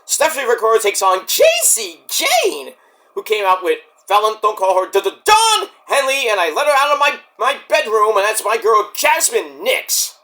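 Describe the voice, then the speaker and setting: A man giving a casual, rambling recap of a show, excitable and profane. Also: high voice, moderate pace. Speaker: wrestling show reviewer.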